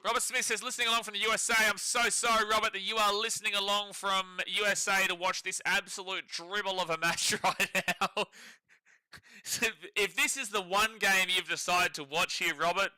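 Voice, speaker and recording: Young Australian male streamer, wry sports chat, a bit high-pitched, dry close sound. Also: fairly even intonation, moderate pace, pushed and bright, no echo. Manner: sarcastic, laughs often, reads chat aloud. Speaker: livestream co-host. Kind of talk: casual live sports watch-along commentary.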